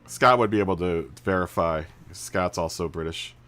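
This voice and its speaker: A man's voice: deep voice, moderate pace, fairly bright tone, faint music behind. A man live streaming a racing game, chatting casually with viewers, laughing often and restarting his sentences. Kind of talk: casual chat while gaming. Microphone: studio mic through mixer.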